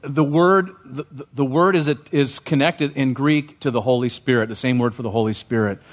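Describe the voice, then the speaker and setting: A man's voice: medium pitch, moderate pace. A man preaching a sermon as pastor, in a casual, conversational way, often asking the congregation questions. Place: church sanctuary.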